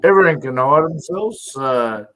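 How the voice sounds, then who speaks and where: A man chatting on a live stream, blunt and halting, swearing now and then. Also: on the high side, lively intonation, fairly bright tone, slight background noise, low-quality recording. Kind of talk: casual chat on a live stream.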